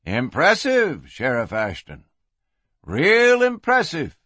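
A man's voice: on the high side, lively intonation, takes it slowly, fairly bright tone, no echo, full character voice. A man voicing a cool, mocking gunfighter with a scornful tone.

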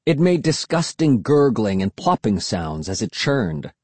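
A man reading a children's story aloud in first person, expressive and animated, on a close studio mic. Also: lowish voice, unhurried, husky, no echo. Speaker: audiobook narrator. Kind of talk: scripted first-person narration.

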